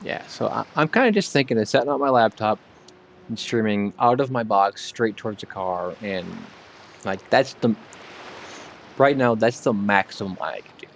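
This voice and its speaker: A man's voice: on the low side, animated, normal speed, a little hiss or hum. A man streaming while gaming, chatting in a rambling way and slightly slurring his words. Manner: rambling, full of "like" fillers. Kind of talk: casual live-stream chat while gaming.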